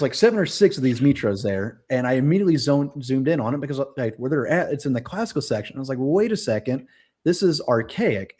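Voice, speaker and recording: A man's voice: mid-range voice, darkish tone. A young man hosting a casual live stream, rambling with lots of fillers and self-corrections. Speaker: host.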